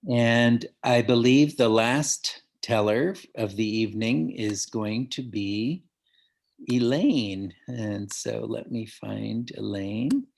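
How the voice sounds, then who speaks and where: Slow gravelly man introducing a teller. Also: fairly low pitch, darkish tone. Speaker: event host. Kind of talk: introducing a speaker.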